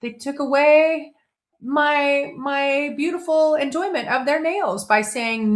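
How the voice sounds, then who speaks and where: A woman's voice: high-pitched, slow pace. Middle-aged woman host, casual motivational talk, conversational with frequent restarts. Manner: conversational, with self-interrupting restarts and playful quoted voices.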